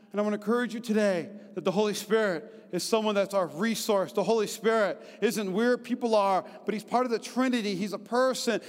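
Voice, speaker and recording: A high-pitched male pastor in his thirties, preaching with lively, chatty energy and often asking the crowd for agreement. His voice rings out with a long reverb from a big church hall. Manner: lively and conversational, often asking the congregation "right?". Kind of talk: sermon.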